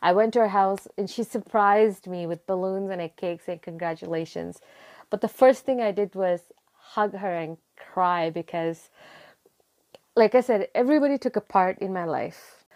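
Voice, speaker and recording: A young woman telling a personal story in conversation, acting out her own past words with rising excitement. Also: medium pitch, normal speed. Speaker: interview guest.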